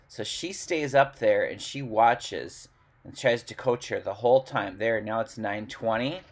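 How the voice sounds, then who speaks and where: A man casually narrating a home video of his hens, gentle and amused as he praises them. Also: fairly low pitch, unhurried. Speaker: backyard chicken keeper and vlogger.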